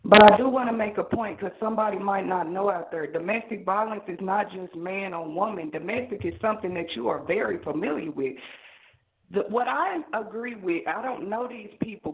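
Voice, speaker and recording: A woman's voice: mid-range voice, moderate pace. A woman with a Southern US accent calling in to a talk show and speaking in a preachy, rambling way. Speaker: caller. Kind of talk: call-in monologue. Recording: tinny phone line.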